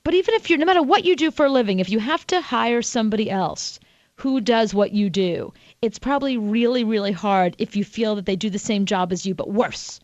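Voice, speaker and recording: A woman co-hosting a radio talk show, telling stories in a chatty, animated way. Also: medium pitch, fairly quick, no room sound, highs cut off. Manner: chatty storyteller, animated, laughs often. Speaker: radio show co-host and author. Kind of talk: casual radio banter.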